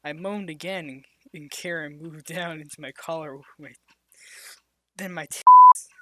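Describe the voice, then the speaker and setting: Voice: mid-range voice, measured pace, a little hiss or hum. A reader giving a comedic reading of explicit fan fiction, stumbling over words and breaking into laughter. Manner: reads in a flat storytelling tone, now and then dropping to a whisper.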